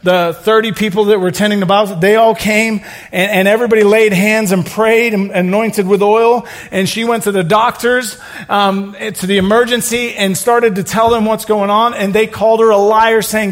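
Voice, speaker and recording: Man preaching a sermon, high voice, middle-aged pastor, storytelling with joking asides. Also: level tone, normal speed. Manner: storytelling, humorous asides, builds to loud exclamations.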